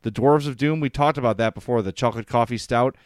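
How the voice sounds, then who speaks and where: Chatty sports podcast host. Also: male voice, mid-range voice, fast talker, clean tone, no echo, clean studio sound. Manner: enthusiastic, chatty, gets choked up. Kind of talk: casual sports podcast chat with sponsor reads.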